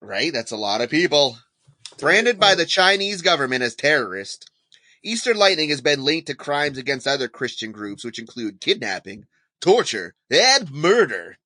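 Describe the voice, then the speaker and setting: A man co-hosting a podcast with a lively, swooping delivery and a bright, forward tone. He reads out odd facts in a playful, joking way, and his voice sounds close and dry. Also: fairly high pitch, moderate pace, no room sound. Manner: playful, jokey, breaks into sung lines. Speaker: podcast co-host. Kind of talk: casual podcast banter.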